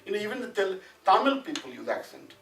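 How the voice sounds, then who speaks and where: A man from India lectures a small class in a relaxed, rambling way, often asking whether his students follow him. His voice is somewhat higher than most men's. It is picked up from a distance in an echoey classroom, with faint noise underneath. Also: fast, creaky. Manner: conversational, often asks "you know what I'm saying?". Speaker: Sanskrit teacher.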